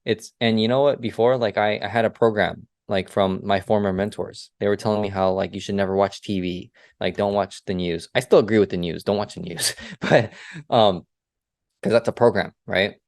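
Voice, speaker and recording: Low-voiced man giving an energetic motivational talk. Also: normal speed, no echo, clean studio sound. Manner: energetic, repeats "right?" and "like", rhetorical questions. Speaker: podcast co-host and business coach.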